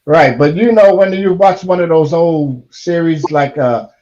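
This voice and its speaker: A man's voice: a little high, unhurried, a little mellow, muffled recording. A man joking and laughing in a casual group video chat.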